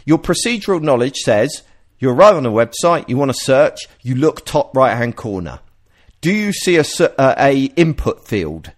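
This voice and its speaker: A man hosting a podcast, explaining ideas in a casual, animated way and often restarting his sentences. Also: mid-range voice, normal speed. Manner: animated, explanatory, self-interrupting. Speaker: podcast host.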